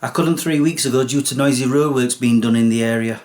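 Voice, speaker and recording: A man hosts his own comedy vlog and chats to camera in a casual, sarcastic way. His voice sits at a medium pitch. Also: brisk, darkish tone. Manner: sarcastic, chatty. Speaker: vlogger host.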